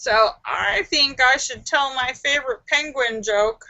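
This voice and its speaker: A woman's voice: high voice, a little slow, sharp tone, no room sound, lo-fi sound. A woman hosting a casual livestream, telling jokes playfully and slipping into silly voices. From Los Angeles based. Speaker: livestream host.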